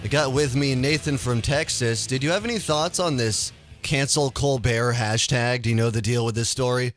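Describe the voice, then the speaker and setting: A man's voice: medium pitch, normal speed, faint music behind. A man hosting a casual call-in radio show, ranting with energy and stumbling over his words. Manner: animated, ranting, stumbles and restarts.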